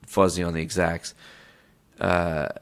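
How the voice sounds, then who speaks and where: A man's voice: low-pitched, flat delivery, slow, clear, resonant tone. A man hosting a podcast, telling a long casual story in a rambling, profane way, often breaking off mid-sentence to restart. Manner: rambling, profane, self-interrupting. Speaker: podcast host.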